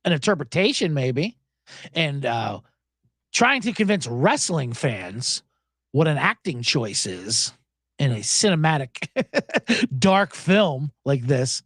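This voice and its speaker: Slightly slow and on the high side, this sports betting host's voice swings widely in pitch. He rambles casually alone, swearing often and tossing out sarcastic asides, recorded cleanly in a studio with no room sound.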